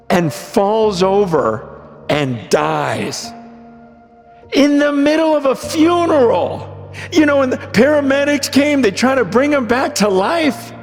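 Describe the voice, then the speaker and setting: A man preaching a sermon, telling a story with dramatic swings from hushed lines to shouted ones. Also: very high-pitched, very animated, slow, in a large hall, soft background music. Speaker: pastor.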